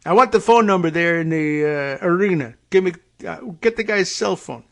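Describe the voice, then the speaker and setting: A man's voice: sits high, moderate pace, gravelly. A man putting on an impression of a blustering, bossy older male politician barking orders.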